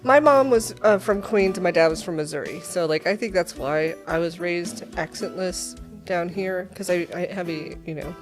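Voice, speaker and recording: A woman's voice: on the low side, normal speed, few pauses, over music. A woman from South Dakota raised in the American South, co-hosting a podcast in a chatty, playful way and laughing often. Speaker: podcast co-host. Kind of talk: casual chat.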